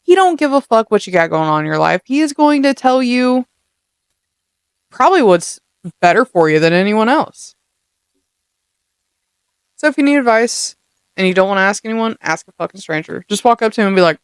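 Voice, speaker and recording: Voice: mid-range voice, expressive, moderate pace, pauses often, clear, resonant tone, no room sound, clean studio sound. A young adult podcast host giving a casual motivational monologue, blunt and heavily profane, full of streetwise slang.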